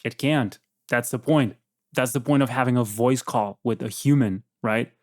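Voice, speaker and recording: A man's voice: mid-range voice, moderate pace, no echo, clean studio sound. A man hosting a casual chat, blunt and probing as he questions an AI. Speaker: host.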